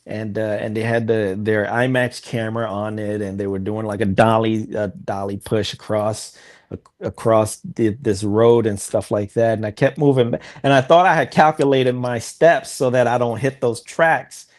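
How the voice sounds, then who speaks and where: A man as a podcast guest in a casual interview, a relaxed storyteller who speaks bluntly and laughs at himself. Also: on the low side, moderate pace. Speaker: podcast guest, filmmaker and veteran.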